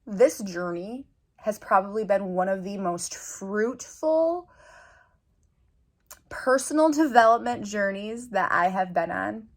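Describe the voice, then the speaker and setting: Woman in her 30s vlogging, earnest and chatty, mid-pitched voice, talks kinda open and heartfelt. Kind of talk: personal weight-loss update vlog.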